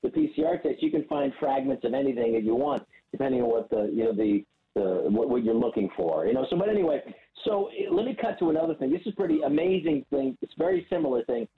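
A man's voice: medium pitch, sing-song, fast, phone-quality sound. A man on a podcast as a guest, telling a rambling story with stammering restarts. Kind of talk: casual storytelling.

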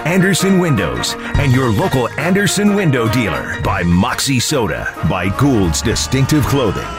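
A man reading a scripted sports radio show intro and sponsor list in a booming promo style. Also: sing-song, normal speed. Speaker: station announcer. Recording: announcer over loud music. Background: loud music bed.

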